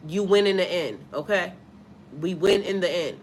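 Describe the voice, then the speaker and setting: Swearing often and speaking bluntly and emphatically, a spiritual life coach who is a mother hosts a casual live stream and reads out comments from her viewers. Her voice sits on the low side at a normal speed, and a little hiss or hum is present.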